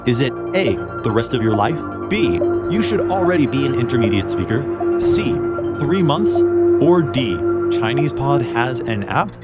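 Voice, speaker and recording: A man's voice: medium pitch, expressive, moderate pace, few pauses. A man announcing a trivia-style promo in a showy, theatrical manner. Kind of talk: game-show style promo. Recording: ad with loud music behind.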